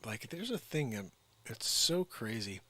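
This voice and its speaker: A man's voice: medium pitch, sing-song, measured pace, sharp tone. A man rambling in a jokey, drifting monologue as a vlogger.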